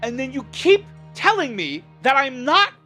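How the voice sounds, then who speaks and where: A streamer venting to a livestream chat, impassioned and exasperated, trying to stay measured while upset. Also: high-pitched, sing-song, sharp tone, soft background music.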